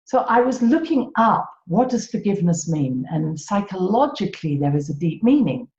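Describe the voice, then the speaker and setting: A British woman hosting a reflective solo podcast, gentle and self-mocking, laughing often at herself. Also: medium pitch, very animated, normal speed. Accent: British English. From Britain. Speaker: podcast host. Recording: echoey room, dull lo-fi sound.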